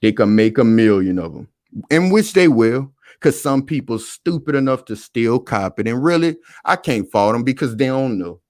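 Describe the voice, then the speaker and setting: A man's voice: mid-range voice, lively intonation, normal speed, darkish tone, no room sound, clean studio sound. A man hosting a live stream and talking casually, preaching and calling out to his viewers again and again.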